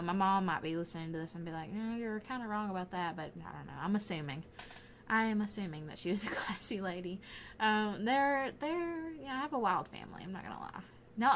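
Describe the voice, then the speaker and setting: A woman's voice: mid-range voice, slight background noise. A young woman with a Southern Alabama accent, rambling casually with frequent laughs as she voices over her gaming video. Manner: rambling, chatty, often laughing. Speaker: gaming YouTuber.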